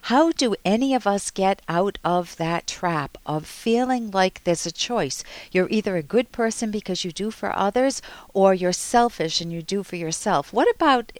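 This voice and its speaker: A middle-aged woman psychologist hosting a radio advice show, explaining calmly and acting out the inner voices she quotes. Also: mid-range voice, moderate pace, dry recording.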